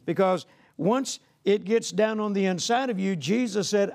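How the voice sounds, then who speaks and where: A man's voice: sits high, normal speed, gravelly, a little mellow. A man preaching a sermon in a folksy, conversational way, often saying "you know" and calling out "Amen?" to the congregation.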